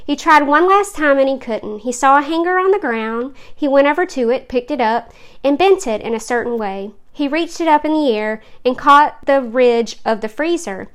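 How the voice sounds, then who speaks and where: A woman reading a story aloud in a plain, steady voice. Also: high-pitched, normal speed. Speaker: story reader.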